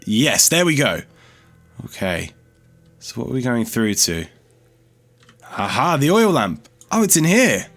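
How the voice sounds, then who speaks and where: A man's voice: mid-range voice, big pitch swings, measured pace, long pauses, a bit bright, soft background music. A man giving casual gameplay commentary as a let's play host, chatty and thinking aloud as he explores, easily startled.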